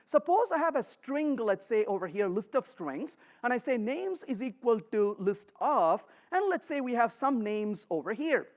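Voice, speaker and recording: A man giving a live coding talk to a conference audience, emphatic and lively, joking with the crowd. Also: extremely high pitch, normal speed, hardly any pauses. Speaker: conference speaker. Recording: slightly muffled conference recording.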